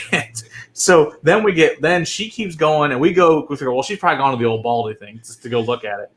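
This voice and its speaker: A man co-hosting a casual chat, telling travel stories in a profane, animated way. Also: on the high side, brisk. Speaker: whiskey show co-host.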